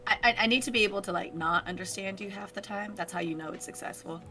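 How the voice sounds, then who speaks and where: Bright-voiced giggly female co-host. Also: medium pitch, fast talker. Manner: giggly, playful banter. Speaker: morning show co-host. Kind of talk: casual morning radio chat.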